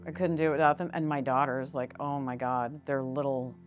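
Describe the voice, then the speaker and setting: A woman's voice: rumbling low, fairly even intonation, brisk, soft background music. A woman who owns a small business, talking frankly and animatedly in a casual interview and using fillers like "like" and "you know". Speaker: business owner, interview guest.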